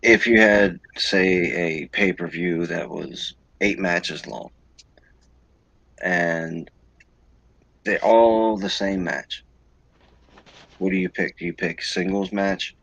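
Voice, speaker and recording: Very deep, gravelly-voiced man. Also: steady tone, takes it slowly, long pauses, a bit bright, no room sound, low-quality recording. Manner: loose, rambling, poses questions to co-hosts. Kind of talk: casual chat.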